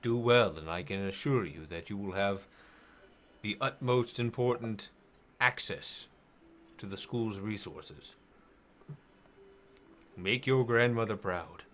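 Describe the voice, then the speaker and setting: A man voicing a formal male wizard who heads the king's council, speaking slowly and stately in a lowered voice. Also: fairly bright tone.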